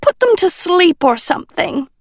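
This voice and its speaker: A high, loud, flustered old professor lady who scolds and snaps, voiced by a woman reading a storybook. She sounds shrill and exasperated, and she hurries her words. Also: sing-song, moderate pace, no echo, clean studio sound, full character voice. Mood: frantic.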